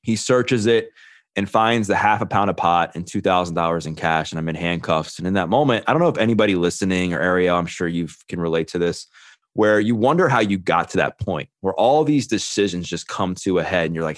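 A man's voice: low voice, lively intonation, brisk, no room sound, clean studio sound. A man in his thirties, a podcast guest, telling his own story earnestly and quoting the people in it. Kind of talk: candid storytelling.

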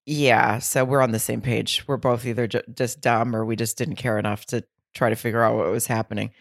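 A woman with a notably low voice chats loosely on a podcast. She rambles, restarts her sentences, and throws herself into retelling moments. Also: fairly even intonation, fairly quick, vocal fry. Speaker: podcast co-host. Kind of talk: casual chat.

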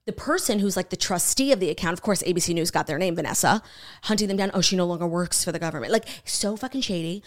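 Speaking fast in a voice on the low side, a woman co-hosting a podcast chats about a true crime documentary she watched. She curses freely, stays animated, and acts out the quotes.

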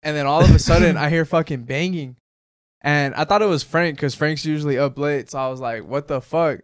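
A man's voice: a little high, fairly quick, dry recording. Young man telling a story, dry sound. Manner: animated storytelling full of profanity. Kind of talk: casual chat.

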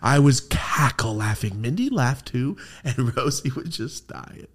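A man's voice: medium pitch, unhurried. Profane young man telling stories. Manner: profane, animated storytelling with laughs and put-on voices. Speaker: guest storyteller. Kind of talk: casual podcast chat.

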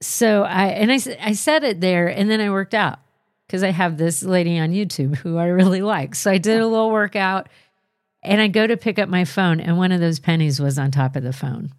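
A woman co-hosting a podcast with a lowish voice, telling a personal story slowly and with feeling. She sounds close to the mic. The sound is dry, with no room echo. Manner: slow, heartfelt, emotional storytelling. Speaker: podcast host. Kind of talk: casual chat.

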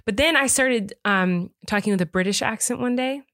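A woman's voice: fairly high pitch, normal speed, fairly bright tone, no room sound. Chatty woman podcaster on a dry mic. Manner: chatty, laughs often, jumps into silly voices. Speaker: podcast co-host. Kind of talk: casual chat. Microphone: large studio microphone.

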